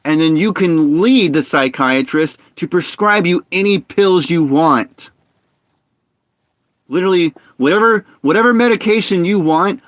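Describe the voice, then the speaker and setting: A young man streaming a game, talking in a ranting, opinionated way with halting restarts and frustrated outbursts. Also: on the high side, fairly bright tone, no room sound. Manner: halting restarts and repeated words. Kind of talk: casual live-stream talk while gaming.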